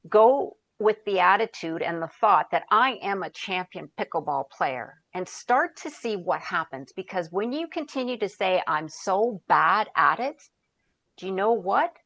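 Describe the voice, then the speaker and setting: A woman's voice: on the low side, lively intonation, moderate pace, fairly bright tone. A woman guest on an interview podcast, telling stories and advice in a conversational way, sometimes searching for words. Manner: storytelling, searches for words, quotes herself and others. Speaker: podcast guest, founder and coach.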